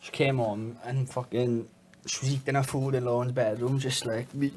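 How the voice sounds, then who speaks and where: A man's voice: mid-range voice, flat delivery, normal speed, darkish tone. A man with a Welsh accent, co-hosting a podcast, telling a story to friends in a sweary, laughing way. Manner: sweary, laughing through his own stories. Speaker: podcast co-host. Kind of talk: casual storytelling among friends. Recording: noisy podcast recording.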